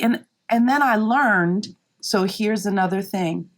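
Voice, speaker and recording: Medium-pitched and a little slow, this woman is a podcast guest and marketing leader sharing a work story. She's animated and emphatic, voicing other people's quotes loudly and peppering her talk with "right?" and "you know."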